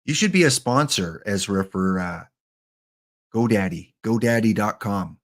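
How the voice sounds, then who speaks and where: A man's voice: on the low side, animated, a little slow. A man casually hosting a game live stream, chatting and joking with viewers by name.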